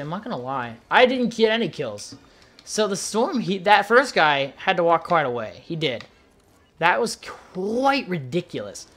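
A man giving casual, chatty commentary on gameplay, excitedly calling out moves and tossing in "dude" and "bro.". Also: on the high side. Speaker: gaming YouTuber.

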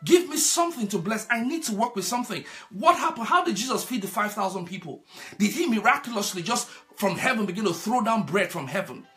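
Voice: medium pitch, animated, fairly quick, bright, forceful tone, soft background music. A preacher delivering a sermon, repeating key phrases and asking the congregation rhetorical questions.

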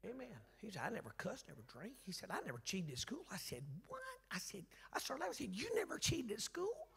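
Gravelly sixty-year-old preacher. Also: male voice, sits high, huge pitch swings, quick pace. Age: 60s. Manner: storytelling, swings from shouting to near-whisper. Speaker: revival preacher. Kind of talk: sermon. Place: church sanctuary.

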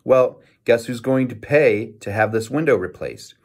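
A man's voice: medium pitch, lively intonation, normal speed, darkish tone. A man voicing a ticked-off father scolding his son in a storybook reading. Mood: stern. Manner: stern, ticked off. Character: annoyed father of three boys.

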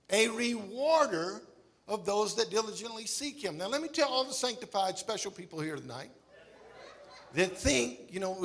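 A middle-aged male pastor preaching a sermon in a church, emphatic with shouts and exclamations. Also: high-pitched. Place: church sanctuary.

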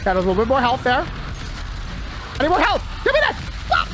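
A man giving live gameplay commentary, excitable, talking to himself and yelping when things go wrong. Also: very high-pitched, a little fast, background noise. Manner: excitable, talks to himself, yelps when panicked. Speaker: gaming channel host.

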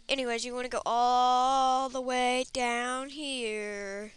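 A woman's voice: high-pitched, steady tone, measured pace, a bit bright, smooth, no room sound. A woman giving goofy, rambling commentary on her gameplay, humming silly sound effects between lines. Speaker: game video player.

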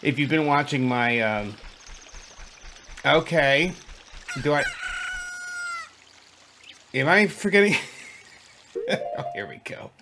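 A man's voice: a little high, takes it slowly, pauses often, noisy background. A man giving casual playthrough commentary, chatty and self-deprecating, laughing at his own slips. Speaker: gaming channel host. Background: game music.

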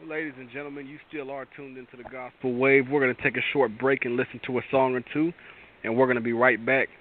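A man's voice: medium pitch, level tone, fast. A man hosting a gospel radio show, encouraging his guest and addressing listeners in a preacherly way. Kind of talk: casual gospel radio talk. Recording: lo-fi phone-like sound.

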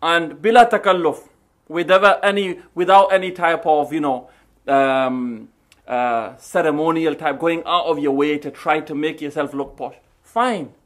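A man with a high voice hosts a podcast. He talks in a scornful, teasing way and stresses his words. His commentary is mocking. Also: fairly even intonation, a little slow, fairly bright tone. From England. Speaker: host.

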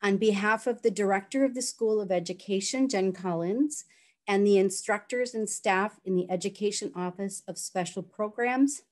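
A woman giving a formal, measured commencement address and reading out the names of graduates. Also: medium pitch. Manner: measured, congratulatory. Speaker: education program speaker.

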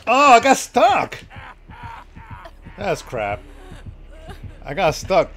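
A man streaming a horror game, reacting excitably with lots of laughter and panicked yelps. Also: high voice, extremely slow, faint music behind. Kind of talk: reacting to gameplay.

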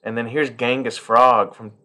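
A man's voice: medium pitch, little pitch movement, measured pace, sharp tone. A middle-aged man chatting casually and profanely as he unboxes a toy collector's gift, rambling and heartfelt.

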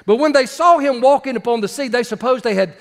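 A male pastor preaches to his congregation in a very high voice. He reads scripture aloud and keeps calling out to the people for a response. His voice rings out through a church sanctuary with a long, lingering reverb. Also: quick pace. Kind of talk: sermon.

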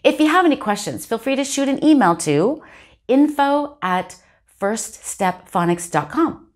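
A woman teaching phonics in a video lesson, spelling out and sounding letter sounds slowly and deliberately. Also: on the high side, very animated.

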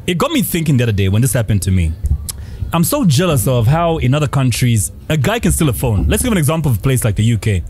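A young man from Zambia co-hosting a podcast in casual chat, animated and laughing often, with sudden high-pitched emphasis. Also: fast talker, slight background noise. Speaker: podcast co-host.

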